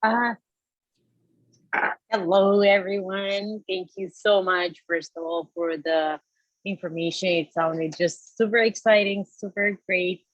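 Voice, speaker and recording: A woman's voice: mid-range voice, steady tone, takes it slowly, no echo, muffled recording. A woman graduate student politely asking a hesitant question in a Q&A. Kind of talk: audience question.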